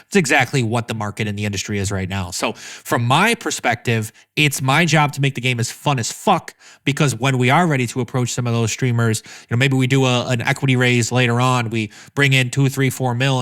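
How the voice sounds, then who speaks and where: A man who founded a game studio, talking energetically in a casual podcast interview, swearing freely and acting out quoted voices. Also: medium pitch. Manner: energetic, profane, acts out quotes.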